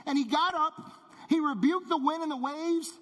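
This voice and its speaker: A man preaching a sermon as pastor, emphatic and repetitive, dropping low on key words. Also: moderate pace, fairly bright tone. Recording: long hall reverb.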